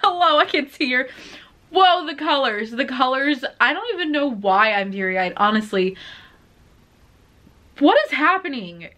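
A woman's voice: high voice, measured pace, pauses often. A woman hosting a reaction video, talking casually and gushing with lots of exclamations. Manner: excitable, gushing, full of exclamations and "like". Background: the reacted-to music video playing faintly.

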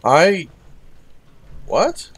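A man's voice: high voice, wildly swooping pitch, very slow, breathy edge. Wry man chatting through a game. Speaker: gaming video host. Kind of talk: casual let's-play commentary.

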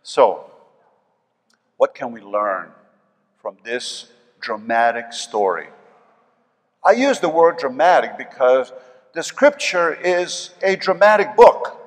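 Older man, New York accent, pastor, sermon, loud emphasis and soft asides, long church reverb. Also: a little high. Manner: dynamic preaching, swings between loud emphasis and soft asides. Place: church sanctuary.

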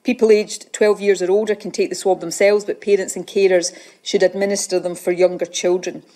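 A woman gives a formal public health briefing. She speaks in a measured, official way, with the odd "uh". Her voice is mellow and mid-pitched. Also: level tone. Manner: measured and official, with occasional "uh" fillers.

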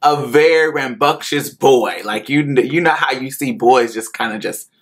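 An adult man from Indiana with a rural Indiana accent, slowly and candidly telling a personal story, often laughing and repeating himself. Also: medium pitch, a bit bright, breathy edge.

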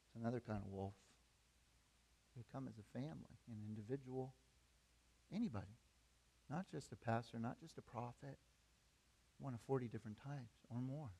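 A man's voice: medium pitch, a little mellow, breathy edge. A man, the pastor, preaching a sermon in a conversational storytelling way that builds to emphatic preaching.

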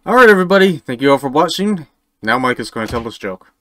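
A man's voice: mid-range voice, brisk. A man in a casual gaming chat who teases his co-host. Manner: teasing, animated.

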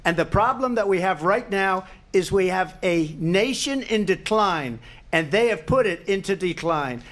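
A man's voice: sits high, animated, unhurried, fairly bright tone. Emphatic man at a debate podium. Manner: emphatic, repetitive, rambling. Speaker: presidential debate candidate. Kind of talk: debate answers.

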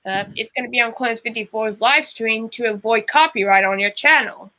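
A woman's voice: fairly high pitch, normal speed, sharp tone, rough recording. A woman chatting casually, playful and eager with ideas. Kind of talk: casual chat, playful skits.

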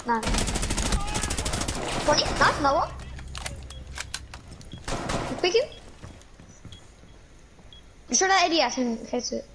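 A young woman chatting while gaming, excited, cheering and repeating herself. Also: high-pitched, takes it slowly, pauses often. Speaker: gamer. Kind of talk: casual gaming chat. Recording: noisy with gunfire behind.

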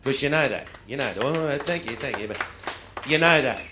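A middle-aged Australian man telling comic stories to a live audience, acting out other people's lines in loud bursts. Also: medium pitch, moderate pace, noisy background. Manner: animated, acts out dialogue in loud bursts. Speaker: after-dinner speaker.

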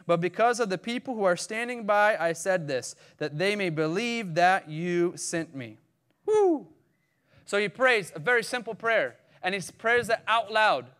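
A man with a Caribbean accent preaching a casual, animated sermon, acting out the scripture scenes with sudden loud cries. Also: on the high side, clean tone.

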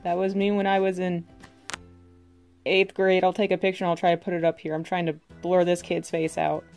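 A woman's voice: on the low side, little pitch movement, brisk, darkish tone, soft background music. A young woman YouTuber chatting casually to camera, bubbly and self-mocking.

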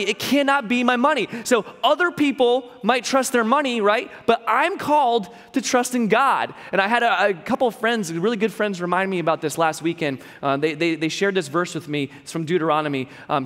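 A man's voice: sits high, fairly bright tone, long reverb tail. A young man giving a sermon as a pastor, telling a personal story in a conversational way with lots of repeats and fillers. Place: church hall.

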